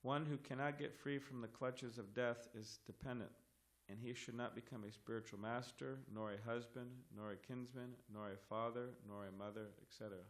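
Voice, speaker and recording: A man leading a scripture class in a temple hall, reading verses and commentary aloud in a measured, word-by-word manner. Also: mid-range voice, steady tone.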